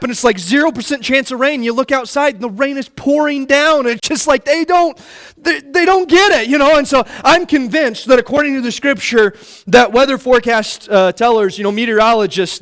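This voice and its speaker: A man in his thirties delivers a sermon as a pastor, his voice sitting notably high for a man. He tells homely stories and jokes with the congregation, restarting his phrases often in an easy, folksy manner. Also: fairly bright tone. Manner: folksy, joking storytelling with many restarts.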